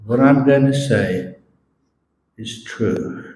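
A calm old forest monk speaks slowly and deliberately in a soft, mellow tone, as a man puts him on. Every word is hushed and measured. The voice echoes through a large hall. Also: medium pitch, slight background noise, close to an everyday voice. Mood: solemn.

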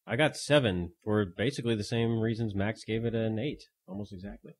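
A man's voice: fairly low pitch, brisk. A man on a podcast giving an easygoing film rating in casual chat, trailing off as he goes. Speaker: podcast co-host.

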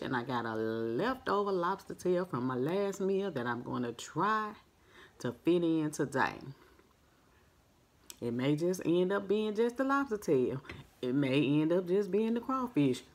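Soft-spoken low-voiced woman mukbang host. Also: animated, measured pace. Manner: friendly, chatty, addresses viewers as family. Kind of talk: casual chat to viewers. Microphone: no microphone, device's built-in mic.

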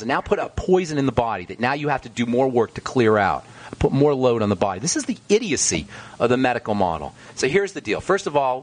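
A man hosting a call-in health radio show as a pharmacist, lecturing callers in an emphatic, sometimes ranting way. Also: medium pitch.

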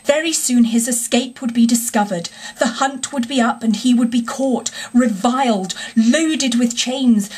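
Woman with a husky, high reading voice. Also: darkish tone. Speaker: audiobook reader. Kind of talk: storybook narration.

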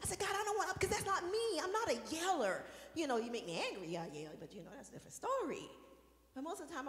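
A woman minister preaching a sermon, shouting and singing out praise at times and dropping to a soft, talking tone at others. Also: high-pitched, very animated, fast, roomy sound, in a large hall. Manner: shouts and sings out praise, then drops to a soft conversational tone.

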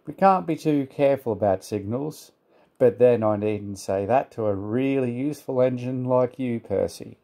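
A man voicing a sly big male express engine, smooth and flattering. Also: mid-range voice, moderate pace, natural voice.

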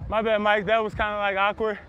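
A young man, a pro football wide receiver, joking and trash talking loudly at practice on a wireless body mic outdoors. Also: high-pitched, monotone, fast, clean tone, dull audio. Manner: loud, joking, teasing trash talk. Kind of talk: mic'd up banter at practice.

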